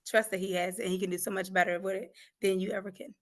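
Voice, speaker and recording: A woman's voice: medium pitch, level tone, quick pace. A woman guest and grief coach giving a fervent, preachy faith testimony, often laughing and repeating phrases for emphasis.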